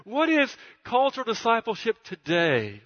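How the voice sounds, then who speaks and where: A man's voice: huge pitch swings, moderate pace. Emphatic preacher man, long hall reverb. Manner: emphatic, builds to loud high peaks, repeats words; stutters at times. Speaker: pastor. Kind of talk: sermon. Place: church. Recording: dull recording with long church reverb.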